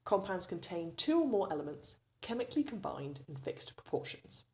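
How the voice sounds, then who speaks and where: A woman's voice: on the low side, big pitch swings, moderate pace, a little mellow. A woman, a chemistry teacher giving a recorded revision lesson and explaining each step patiently.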